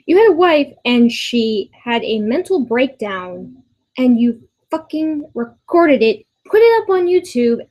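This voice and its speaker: Exasperated young woman ranting, halting. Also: fairly high pitch, big pitch swings, a little mellow, muffled recording. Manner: exasperated, halting with many restarts, swears often. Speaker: vlogger. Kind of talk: ranting commentary video. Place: a room in her boyfriend's house.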